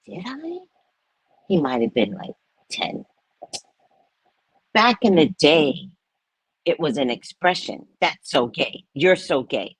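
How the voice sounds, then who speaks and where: A woman in her fifties with a low, husky voice talks bluntly and candidly, acting out the people in her stories. Her pitch rises and falls a lot as she goes, and the recording is dry and close. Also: no echo, low-quality recording. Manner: blunt, animated storytelling with frank swearing. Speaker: spiritual talk host. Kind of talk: candid spiritual monologue.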